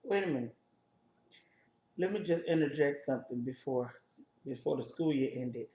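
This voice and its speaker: Lively woman with a New Orleans accent. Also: rumbling low, moderate pace, reverberant. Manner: lively, animated, acts out voices in her stories. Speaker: co-host. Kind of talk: casual storytelling chat.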